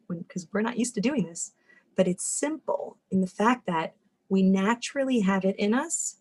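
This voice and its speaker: A woman family therapist giving a lively talk on parenting, acting out the inner voices of parents and kids, often repeating words as she goes. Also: medium pitch, poor audio. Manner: animated, acts out parents' and kids' inner voices; repeats words and restarts sentences when speaking.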